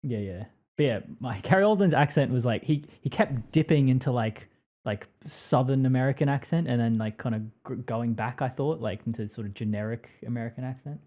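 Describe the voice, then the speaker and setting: A man's voice: medium pitch, fairly quick, warm tone. A man co-hosting a casual film podcast, chatty and laughing along, often stumbling into restarts. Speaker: podcast co-host.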